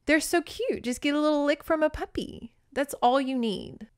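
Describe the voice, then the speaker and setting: A woman voicing a pious, distraught young nun who speaks in high, dramatic exclamations. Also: moderate pace, natural voice. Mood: cooing.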